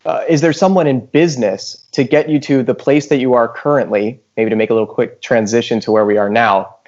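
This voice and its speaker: A man's voice: mid-range voice, fairly even intonation, a little fast, darkish tone. A man co-hosting a podcast, asking long, rambling questions in casual chat. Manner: rambling, restarts his questions. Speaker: podcast co-host. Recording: dull lo-fi audio.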